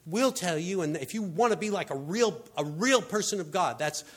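Pastor guy chatting thru a sermon, a bit high pitched, lots of "i mean" and "you know", storyteller vibe. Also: lively intonation, normal speed. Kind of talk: conversational sermon.

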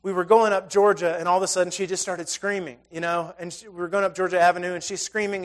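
A man in his thirties with a high voice preaches in a relaxed, conversational way. He tells self-deprecating stories and swings between loud emphasis and near-hushed asides. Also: fast talker, few pauses. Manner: storytelling with self-deprecating humor. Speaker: pastor. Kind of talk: conversational sermon.

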